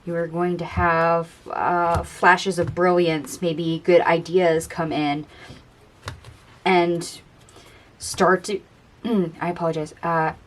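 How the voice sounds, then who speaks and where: A woman giving a casual tarot card reading, chatty and dreamy, musing aloud over the cards in a gentle, encouraging way. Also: on the low side, flat delivery, takes it slowly. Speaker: tarot reader.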